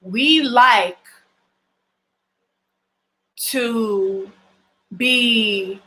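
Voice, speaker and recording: A woman's voice: on the high side, very slow, pushed and bright. A woman in giving blunt, emphatic relationship advice in a casual vlog, swearing freely and often restarting her phrases. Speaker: relationship vlogger. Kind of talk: casual direct-to-camera advice.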